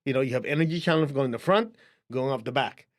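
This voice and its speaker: A man's voice: medium pitch, quick pace. A man with a Chinese accent giving a casual, conversational spiritual lesson, chuckling now and then as he explains. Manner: conversational, chuckling, shows a book to camera. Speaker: spiritual teacher. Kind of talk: casual teaching talk to camera.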